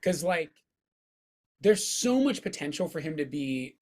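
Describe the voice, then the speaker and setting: A man with a hoarse voice, co-hosting a podcast and giving his opinions on baseball in casual chat, rambling and restarting his sentences. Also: a little high, very animated, a little slow. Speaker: podcast co-host.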